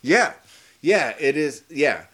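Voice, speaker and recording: A man co-hosting a casual movie review chat, excitable and swearing freely as he acts out favorite lines. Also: a little high, slow pace, husky. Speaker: podcast co-host.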